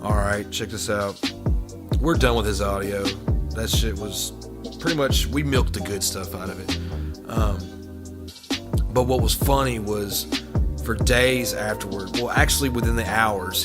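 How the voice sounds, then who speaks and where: A man's voice: fairly low pitch, unhurried, long pauses, over loud music. A man hosting a reaction video, giving sarcastic, profane commentary on clips. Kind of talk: mocking commentary over clips.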